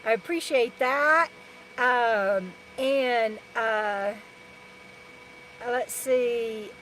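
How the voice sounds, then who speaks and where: Woman, RV vlogger, light high voice, rambling live chat, faint noise behind. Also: extremely slow, fairly bright tone, rough recording. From Texas. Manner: rambling and chatty, many restarts and fillers. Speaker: RV lifestyle vlogger. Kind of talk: live stream chat reading viewer comments.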